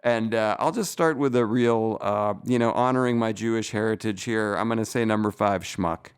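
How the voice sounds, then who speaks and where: A man's voice: on the low side, moderate pace, clean tone. A man hosting a podcast, jokey and laughing as he runs a list segment in casual chat. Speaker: podcast host.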